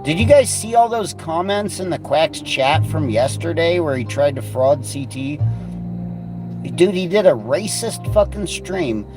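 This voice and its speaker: A man rants on his livestream in a rambling, profane, mocking way. His voice sits fairly high and swings widely in pitch, and music plays clearly behind him. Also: lively intonation, measured pace. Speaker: livestream host. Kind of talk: profane casual livestream rant.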